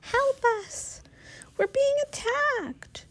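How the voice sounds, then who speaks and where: A woman's voice: extremely high pitch, lively intonation, extremely slow, a bit bright, voice pushed up, heavily acted. A woman voicing a blind young woman under attack, screaming for help in a storybook reading. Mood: frantic.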